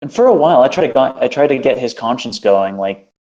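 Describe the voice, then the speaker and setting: A man's voice: medium pitch, expressive, fast, a little mellow. A man hosting a casual chat, telling an exasperated, profane story. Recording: dull lo-fi recording.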